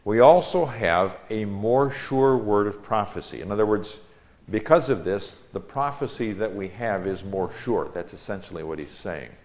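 A man's voice: lowish voice, moderate pace, a little mellow. A man preaching a Bible-teaching sermon, reading Scripture aloud with rising emphasis and explaining it.

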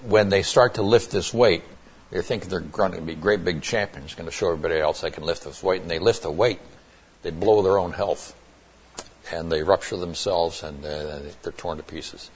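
A man's voice: low voice, normal speed, slight background noise. A man teaching through a Bible passage in an explanatory way, often restarting phrases and adding emphatic asides.

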